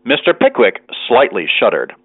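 A man narrating a classic novel as an audiobook, in an expressive, animated storytelling manner. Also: mid-range voice, normal speed, husky, dry recording. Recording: dry, phone-like narrow sound.

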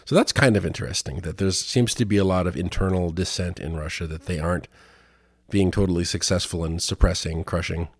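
A man's voice: low-pitched, a little fast, breathy edge. A man hosting a show, reading news headlines aloud and giving casual, rambling commentary. He is sardonic and swears freely. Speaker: host.

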